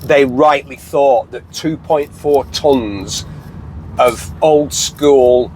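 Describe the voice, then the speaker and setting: A man's voice: medium pitch, very slow, darkish tone. An English man hosting a car review, chatting animatedly from inside a car and slipping into put-on voices as he tells stories. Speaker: car show host. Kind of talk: casual car review chat. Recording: faint road noise in car.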